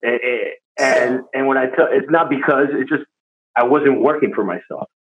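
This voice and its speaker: A man hosting a podcast, chatting casually with relaxed slang. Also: mid-range voice, moderate pace. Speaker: podcast host. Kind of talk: casual chat. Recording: tinny phone-like line.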